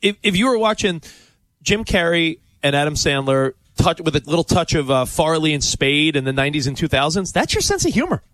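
A man co-hosting a sports radio show, in casual, excitable banter. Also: fairly high pitch, a little fast, no room sound. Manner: excitable, enthusiastic. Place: radio studio.

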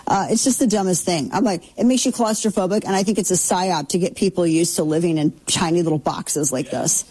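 A woman's voice: on the low side, fairly quick, dark tone, slightly rough, low-quality recording. A middle-aged woman hosting a casual commentary show, talking in a sarcastic, opinionated way with mocking asides.

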